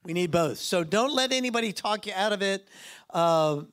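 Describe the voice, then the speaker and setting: Animated man preaching a sermon. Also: sits high, normal speed. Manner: animated, acts out quoted voices and jokes. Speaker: guest preacher. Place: church.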